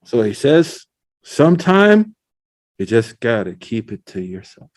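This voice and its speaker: A middle-aged man, an Islamic scholar, giving a casual religious lecture with animated storytelling, slang and recited Arabic quotations. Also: mid-range voice, a little slow.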